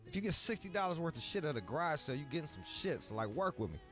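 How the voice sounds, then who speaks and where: A man's voice: on the high side, big pitch swings, very fast, a bit bright, soft background music. A man from Michigan telling a long, profane story in casual chat, full of asides and acted-out quotes. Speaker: podcast host.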